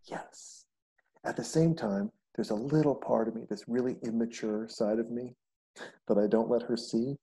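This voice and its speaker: A man, probably a podcast host, chatting casually and telling animated stories, often acting out the voices of people he quotes. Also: medium pitch, normal speed, husky. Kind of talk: casual conversation.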